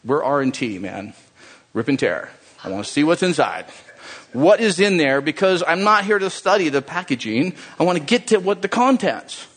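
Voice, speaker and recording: Joking with the people in the pews, a male pastor preaches in an energetic, conversational way. His husky voice, a bit high for a man, moves at a moderate pace and rises and falls dramatically in pitch.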